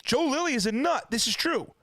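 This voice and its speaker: A man with a high, animated voice rants indignantly from his kitchen at home. He keeps firing rhetorical questions in a loose, unscripted commentary. The sound is close and dry. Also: fairly quick, no room sound. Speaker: preacher and channel host. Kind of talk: casual ranting commentary.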